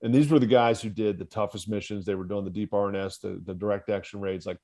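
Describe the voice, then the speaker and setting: Fast and dark-toned, this fairly low male voice keeps a fairly even intonation. The speaker, a former US Marine officer on a podcast, tells his story with candor and profanity, often laughing at himself in easy conversation.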